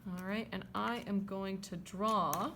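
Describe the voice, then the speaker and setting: A woman's voice: mid-range voice, fairly even intonation, takes it slowly, a bit bright, slight background noise. A woman art teacher talking through a drawing demonstration, chatty and checking in with her students as she draws. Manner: chatty, checks in with "okay?" and "right?".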